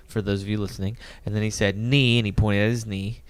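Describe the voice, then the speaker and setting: A man's voice: fairly low pitch, flat delivery, fast, clean tone, dry recording. A man co-hosting a casual podcast, telling a joking anecdote with quoted bits and laughter nearby. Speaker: band member, podcast co-host.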